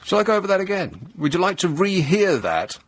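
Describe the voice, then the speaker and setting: A middle-aged man, hosting a radio talk show and delivering a sarcastic, deadpan satirical monologue. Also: high voice, a little fast, no echo. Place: radio studio. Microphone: close studio microphone.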